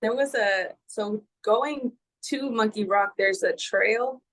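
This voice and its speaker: A woman's voice: mid-range voice, slow, a bit bright, low-quality recording. A woman talking casually as a guest in a fitness check-in, telling stories with lots of fillers. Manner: chatty, storytelling with fillers. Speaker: guest, fitness group member. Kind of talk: casual conversation.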